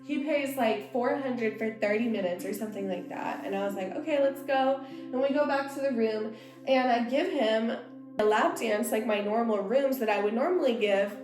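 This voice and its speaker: A woman's voice: fairly high pitch, moderate pace. Chatty woman telling a story in an echoey room. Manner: chatty, heated retelling with lots of "like". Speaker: vlog host and former dancer. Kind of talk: casual storytime during a stretch flow. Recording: echoey room with faint music.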